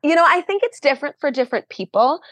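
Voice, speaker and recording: Female guest, chatty and self-mocking, raised pitch, no room sound. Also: lively intonation, fast talker, a bit bright, dry recording. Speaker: podcast guest. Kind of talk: casual chat.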